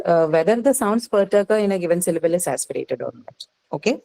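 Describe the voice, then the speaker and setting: A woman's voice: on the low side, poor audio. A woman with an Indian English accent teaching phonetics in a classroom lecture, explaining step by step and checking understanding with frequent questions.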